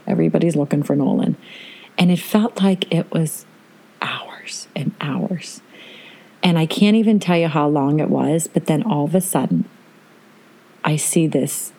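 A middle-aged woman hosting a podcast, telling a family vacation story in a chatty, animated way. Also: fairly low pitch. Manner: chatty, animated retelling with quoted voices. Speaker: podcast host. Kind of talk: casual storytelling.

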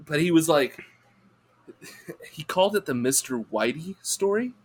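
A man's voice: fairly high pitch, lively intonation, a little slow. A man guesting on a podcast, telling a rambling, profane story in casual chat and laughing through it.

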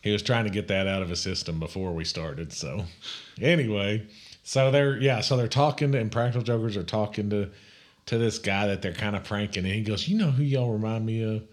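Man, podcast co-host, low voice, animated storyteller. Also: brisk. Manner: animated storyteller, laughs often. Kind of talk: casual chat.

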